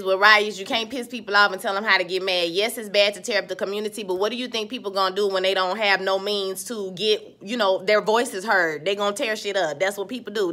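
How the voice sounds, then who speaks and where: A woman's voice: mid-range voice, sharp tone. A woman giving a sassy, slangy, casual recap of a TV episode, talking straight to her viewers.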